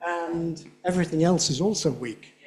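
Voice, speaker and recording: A man delivers a lecture at a conference, speaking with a fairly high pitch. He keeps asking the audience "yeah?" to check that they follow. To show a speech pattern, he chants syllables on a steady beat. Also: moderate pace, slight background noise. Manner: frequent "yeah?" checks, demonstrates rhythms by tapping and chanting syllables. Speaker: lecturer on English pronunciation. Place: lecture hall.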